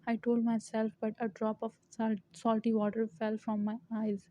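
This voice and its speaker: A woman reading a fan-fiction story aloud in a flat, even way. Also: fairly high pitch, moderate pace, a little hiss or hum. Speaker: story reader. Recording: dull lo-fi recording.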